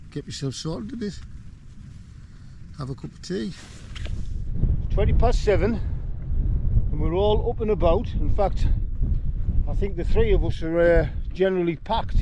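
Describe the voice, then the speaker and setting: Chatty older man at a windy camp. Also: a little high. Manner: rambling, self-deprecating, chatty. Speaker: wild camping vlogger. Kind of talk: casual outdoor vlog. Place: windy hillside campsite outdoors. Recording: wind noise outdoors.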